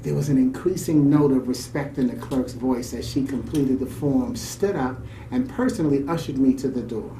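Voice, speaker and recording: Guy on a show reading a story out loud, chiming in with his own comments, kinda far off the mic, faint background hum. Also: medium pitch, normal speed, hardly any pauses. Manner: warm, reflective delivery with off-the-cuff comments. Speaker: radio show co-host. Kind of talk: reading a story aloud with asides. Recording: roomy, distant mic, faint ambience.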